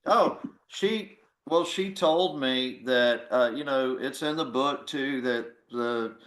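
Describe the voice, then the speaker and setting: A man's voice: mid-range voice, slow pace, fairly bright tone, reverberant. A man, a former army officer and author, talking earnestly and with feeling in a conversation over a video call. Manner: earnest, heartfelt, voice catching with emotion.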